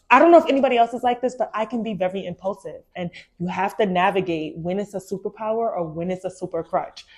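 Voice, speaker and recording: A young woman hosting a podcast, reading a book aloud and reacting to it in an animated, emphatic way, with slang and repeated phrases. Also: fairly low pitch. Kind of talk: casual chat mixed with reading aloud.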